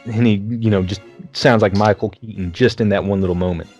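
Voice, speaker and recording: A man's voice: fairly low pitch, brisk, hardly any pauses, soft background music. A man hosting a casual film review chat over beers, retelling scenes with lots of swearing. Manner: profane, lively scene-by-scene retelling. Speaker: podcast host.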